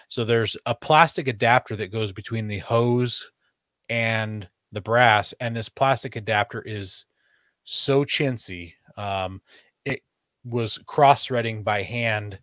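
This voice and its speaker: A man's voice: mid-range voice, no echo, clean studio sound. A man chatting casually on a podcast, rambling with fillers and restarts. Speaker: podcast host. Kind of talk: casual chat.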